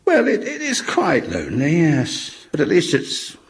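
An actor playing an awkward, gentle male ghost in a radio comedy, speaking haltingly and apologetically. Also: fairly high pitch, wildly swooping pitch. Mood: tender.

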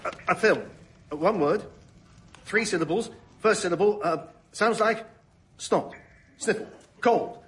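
A man's voice: high-pitched, measured pace, pauses often, a bit bright. A man playing a fussy host who is eager to please at a Christmas gathering. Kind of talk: sitcom acting.

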